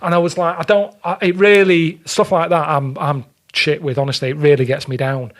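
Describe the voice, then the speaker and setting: A man's voice: on the high side, little pitch movement, fairly quick. Blunt grumbling man. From England. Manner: blunt, grumbling anecdotes with frequent swearing. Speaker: podcast guest. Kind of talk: casual chat, storytelling.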